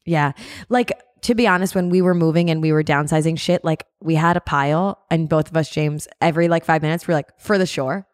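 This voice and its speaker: A woman in her thirties co-hosting a podcast in casual chat, chatty and quick to laugh, mimicking people as she talks. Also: low-pitched, steady tone, dry recording, studio quality. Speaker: podcast co-host. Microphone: podcast mic.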